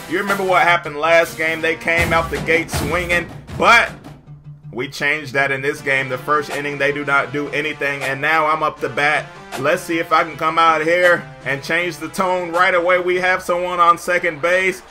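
A young man giving jokey, excited commentary over his own baseball video game play, shouting at big plays. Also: a little high. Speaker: gameplay commentator.

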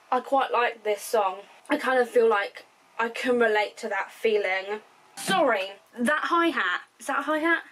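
A woman's voice: on the high side, a bit bright, poor audio. A young woman, reacting to music in a rambling, candid way, tired and emotional. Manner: chatty, rambling, self-correcting. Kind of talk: casual reaction commentary.

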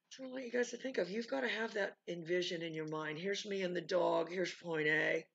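A woman dog trainer explains her methods in a loose, rambling way, stacking up fillers and side stories as she goes. Her voice has a gravelly fry to it, and the recording sounds dull and lo-fi, like it was made at home. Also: lowish voice, fairly quick. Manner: rambling, many fillers and asides. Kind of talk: casual teaching talk. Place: home with dogs nearby.

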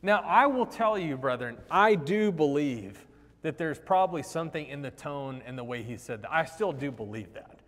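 A male preacher speaks in a somewhat high voice, chatty and animated as he acts out the lines he quotes. His sermon rings through a church sanctuary with a long hall reverb. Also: moderate pace.

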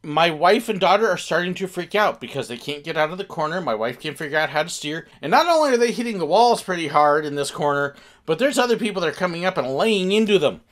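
A man casually telling a funny family story, animated and acting out the quoted bits. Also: on the high side, quick pace, few pauses.

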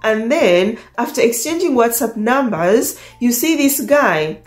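A woman with an East African accent, a dating coach telling a love story to her viewers in a casual, animated way, laughing often. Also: a little high, measured pace, faint music behind. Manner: animated, laughs often, acts out quoted lines. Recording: echoey room.

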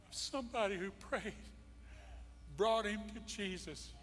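Impassioned pastor in a reverberant church. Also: male voice, sits high, unhurried. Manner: impassioned preaching with emphatic repetition. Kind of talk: sermon. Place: church sanctuary. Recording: long church-hall reverb.

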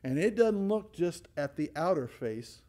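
A man's voice: on the high side, measured pace. A man pastor leading a Bible study, asking the group questions and answering them himself, laughing now and then. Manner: animated, asks rhetorical questions and answers them; acts out voices in quotes, laughs often.

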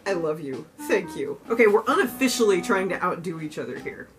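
A woman's voice: on the low side, a little fast. Giddy, squealing young woman vlogger. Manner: gushing, squeals and gasps often, lively and giddy. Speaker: vlogger unboxing gifts. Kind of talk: excited casual unboxing chat. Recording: music playing underneath.

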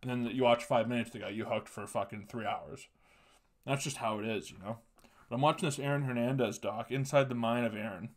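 A man's voice: medium pitch, fairly even intonation, fairly quick. A man hosting a solo podcast, ranting casually and crudely with lots of swearing and laughing asides. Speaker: podcast host.

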